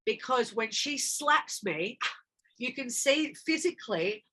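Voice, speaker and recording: A woman with a bright, clear voice talks with a guest's energy in a casual interview. She tells her stories animatedly and slips into the dialogue she is remembering. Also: a little high, animated, takes it slowly. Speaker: actress guest.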